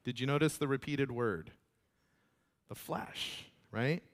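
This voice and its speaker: A man preaching a sermon as pastor, animated and often repeating words. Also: mid-range voice, slow pace.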